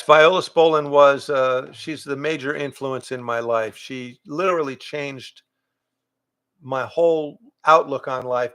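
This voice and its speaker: Gravelly older man chatting on a livestream. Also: medium pitch. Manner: relaxed, rambling, reads out and answers viewer questions. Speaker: voice actor and improv teacher. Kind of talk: casual livestream chat with fans. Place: home, in front of pictures on the wall. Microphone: livestream webcam setup.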